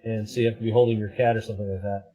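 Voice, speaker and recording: A man's voice: on the low side, little pitch movement, racing, dark tone, dull audio. A man chatting casually on a live stream, joking and rambling while he tries out camera filters. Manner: joking, rambling, self-deprecating.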